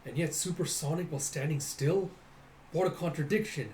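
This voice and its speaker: A man voicing a hot-headed young male cyborg fighter, gruff and brooding, in an echoey room. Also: on the high side, normal speed, a little mellow, slight background noise, lightly acted.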